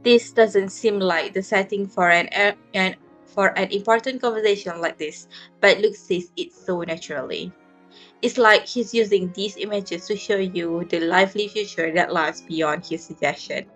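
A woman calmly narrating a romance story in second person and reading the heroine's lines in a soft, even voice. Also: mid-range voice, moderate pace, faint music behind.

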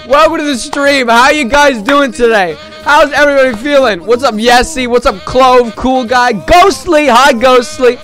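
A man's voice: very high voice, normal speed, a bit bright, soft background music. A man live-streaming and chatting with his viewers, greeting them by name and playing up mock shock with sarcastic exaggeration. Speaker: livestreamer. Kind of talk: casual live-stream chat.

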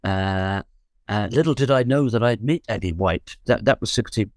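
He's a Londoner in his seventies, a guest musician sharing memories of youth through relaxed, rambling chat peppered with jokes and self-corrections. His fairly low voice keeps a normal speed, recorded in studio quality with no room sound.

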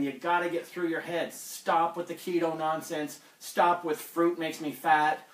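A man's voice: a little high, fairly bright tone. Blunt preachy man, roomy and distant. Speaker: fitness coach hosting a live Q&A. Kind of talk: live-stream talk.

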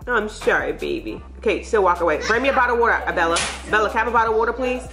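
A woman's voice: medium pitch, lively intonation, very fast, music in the background. A young woman, rambling through a casual family vlog, saying y'all a lot. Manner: chatty, rambling, uses y'all. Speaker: family vlogger, mother.

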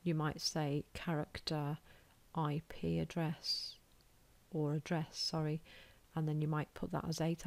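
A woman's voice: deep voice, level tone, a little slow, creaky, darkish tone. A woman with a British accent giving a recorded lecture, informal and self-deprecating, thinking aloud as she draws on a board. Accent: British English. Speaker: college lecturer.

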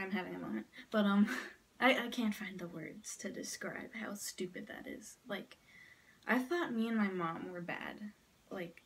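A young woman vlogger, upset and close to tears, vents to the camera at home in front of a mirror. She rambles and swears, often dropping to a near whisper, her mid-range, fairly bright voice sounding far from the mic.

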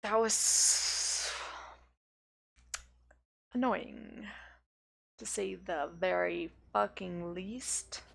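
Cursing woman gamer with a gravelly voice. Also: medium pitch, extremely slow, long pauses. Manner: swears a lot, frustrated ranting. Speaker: let's play gamer. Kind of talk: casual game commentary. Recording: loud game music underneath.

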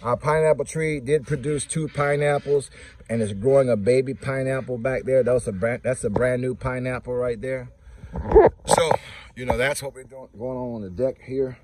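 A man's voice: mid-range voice, fairly even intonation, normal speed, background noise. A man giving a casual, chatty walking tour of his garden plants outdoors, talking straight to his viewers. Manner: chatty, talks to viewers and scolds his ducks. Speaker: homestead vlogger. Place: outdoors in a yard.

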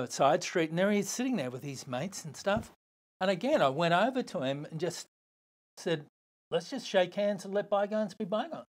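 Animated older Australian man telling stories. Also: a little high. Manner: animated, swearing, acts out other voices. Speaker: guest. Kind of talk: storytelling in a podcast interview.

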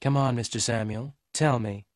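A man's voice: medium pitch, steady tone, normal speed, no room sound, clean studio sound, natural voice. A man reading an audiobook voicing a young blonde woman who speaks curtly and coldly to a hired detective. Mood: cold, sharp. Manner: curt, icy delivery. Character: young blonde woman client, sharp and cold. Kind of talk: audiobook reading for English learners.

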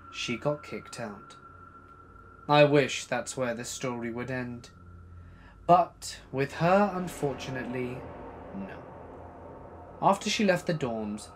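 A man reading a scary true story as a narrator, dramatic, swinging between loud bursts and hushed asides. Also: medium pitch, slight background noise. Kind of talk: scripted horror story narration.

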